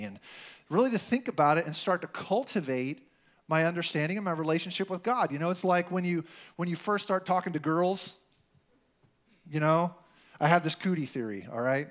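A man preaching in a relaxed, conversational way, his voice sitting noticeably high for a man. He tells stories from his life, peppering them with "like" and "you know" as he goes. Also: a little fast. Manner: chatty, storytelling, lots of "like" and "you know". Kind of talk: casual sermon with personal stories.

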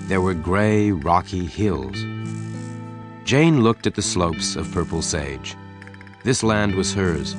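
A man narrating a story in a slow, clear, even reading for English learners. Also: low-pitched.

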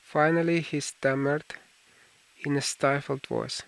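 A man narrating an audiobook in a slow, deliberate reading. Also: medium pitch, fairly even intonation, vocal fry, fairly bright tone, dry recording, rough recording. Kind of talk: scripted narration.

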